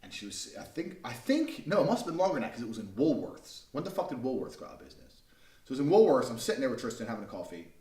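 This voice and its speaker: A man's voice: mid-range voice, sing-song, fast talker, darkish tone. A young man ranting to camera in a vlog, aggressive, profane and contemptuous. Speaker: vlogger. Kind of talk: ranting monologue. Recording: roomy, mic at a distance.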